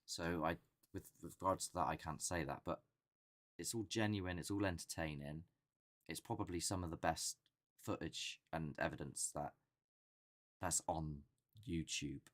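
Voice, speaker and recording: Low-voiced guy rambling on a live chat, chatty, acts out quotes. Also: normal speed, pauses often. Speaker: host of a paranormal channel.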